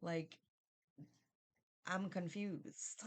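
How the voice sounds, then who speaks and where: Lower-voiced woman rambling through a Bible review. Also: measured pace. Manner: rambling, thinks aloud, asks "right?". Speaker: Bible study vlogger. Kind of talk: casual Bible study review.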